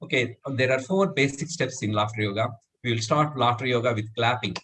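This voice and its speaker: Middle-aged male instructor leading a laughter yoga session with loud "very good" cheers and laughs. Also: mid-range voice, a little fast, slight background noise. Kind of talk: live demonstration talk.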